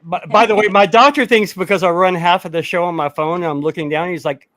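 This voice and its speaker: A man's voice: a little high, fairly quick, fairly bright tone, no room sound. A man telling rambling, self-mocking stories while recovering from surgery and short on sleep. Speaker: guest. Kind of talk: casual chat.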